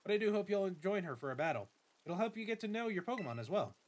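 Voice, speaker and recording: A man's voice: sits high, expressive, fast talker, pitched above the performer's own voice. A man reading as a formal older school director. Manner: polite, formal, slightly pompous phrasing. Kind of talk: reading game dialogue aloud.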